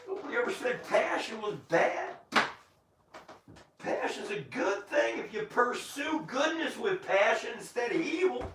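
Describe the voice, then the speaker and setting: A man delivering a rambling religious monologue. He swings from shouting to muttering and corrects himself as he tells the story. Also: very high voice, big pitch swings, a little slow, background noise.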